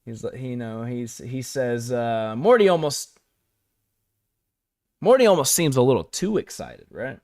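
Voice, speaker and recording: A man's voice: medium pitch, animated, measured pace, long pauses, darkish tone, no room sound. Guy rambling thru a stream recap, lots of "like", dry close sound. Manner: rambling, filler-heavy, chuckling asides. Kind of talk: casual live-stream recap commentary.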